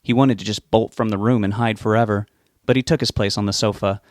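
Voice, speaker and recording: A man's voice: on the low side, steady tone, a little fast, no room sound. Man reading a novel aloud, dry sound. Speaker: audiobook narrator. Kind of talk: scripted narration of a novel.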